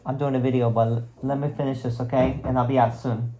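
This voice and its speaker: A man reading verses aloud and explaining them in an informal recorded lesson, speaking haltingly with many pauses and restarts. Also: medium pitch, flat delivery, mellow. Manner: slow and halting, chants verses then comments. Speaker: teacher reading and explaining scripture. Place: room at home.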